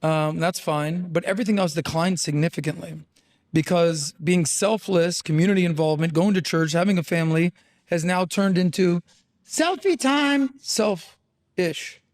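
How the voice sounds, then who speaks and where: A man speaks high in his register, blunt and animated, swearing freely between fillers. He sounds like a podcast guest in casual conversation. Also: normal speed.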